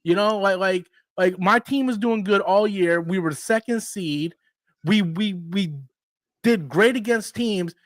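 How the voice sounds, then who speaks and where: A man's voice: high-pitched, a little slow, no room sound. A man in his forties hosting a casual live stream, ranting animatedly and swearing freely. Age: 40s.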